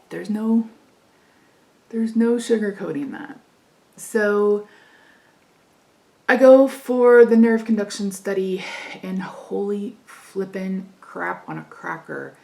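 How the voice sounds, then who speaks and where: A middle-aged woman with a heavily gravelly, fry-laden voice at a middle pitch, chatting casually to her viewers. She tells her story frankly and with exasperation, laughs often and acts out the lines of the people in it. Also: a little slow, mellow. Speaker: vlogger. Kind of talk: casual storytelling while doing makeup.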